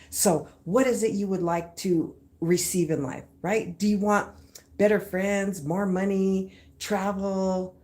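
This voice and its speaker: Lively woman talking to live viewers. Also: on the low side. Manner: lively and emphatic, with repeated phrases and slang. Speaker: motivational live-stream host. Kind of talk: casual motivational talk to live viewers.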